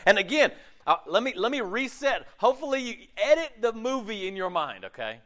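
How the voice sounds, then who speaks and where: A male pastor giving an animated, conversational sermon, peppered with rhetorical questions and mocking asides. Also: high-pitched, brisk.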